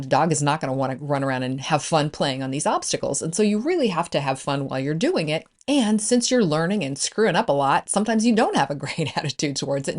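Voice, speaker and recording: A woman business coach hosting a solo podcast, upbeat and encouraging in a conversational way. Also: low-pitched.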